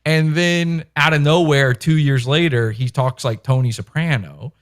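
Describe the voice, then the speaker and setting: A man hosting a podcast, chatting in a rambling, animated way and swearing casually into a microphone. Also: on the high side, measured pace. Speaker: podcast host. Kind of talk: casual commentary chat. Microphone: microphone with headphones.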